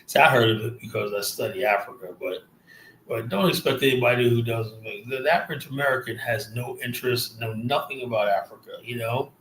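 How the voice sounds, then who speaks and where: This man hosts a livestream, ranting with casual mockery, lots of swearing, and plenty of rambling. He comes from South Jamaica, Queens, New York, and speaks at a moderate pace in a slightly bright mid-range voice over slight background noise.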